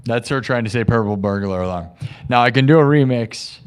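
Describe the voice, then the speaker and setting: A man's voice: mid-range voice, brisk, crowd noise. A man hosting a live music stream, talking casually and rambling between songs. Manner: rambling, chatty, restarts sentences. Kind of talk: casual chat over live looped music.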